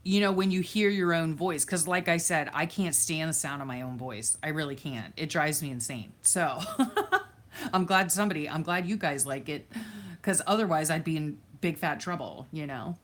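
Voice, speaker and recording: A woman from Florida speaks in a low-pitched, slightly bright voice at a moderate pace. On her live stream she chats casually, reads viewer comments, and laughs frequently.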